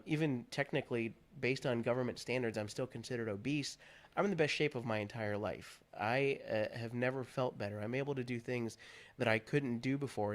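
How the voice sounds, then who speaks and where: Guy from pennsylvania guesting on a talk show, earnest, candid, middle pitch. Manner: earnest, candid, animated when moved. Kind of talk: personal story in a talk show interview.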